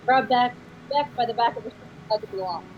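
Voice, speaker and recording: A woman's voice: fairly high pitch, fast talker, husky, muffled recording. A woman playing a tabletop game, playful and casual, swearing and laughing. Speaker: player. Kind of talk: casual chat, in-character play.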